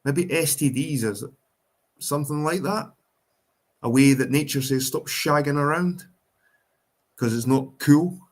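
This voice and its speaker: A man's voice: a little high, unhurried, long pauses. A man with a Scottish accent hosting a casual livestream, rambling and swearing freely as he reads out chat comments. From Ireland, raised in Scotland. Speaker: livestream host.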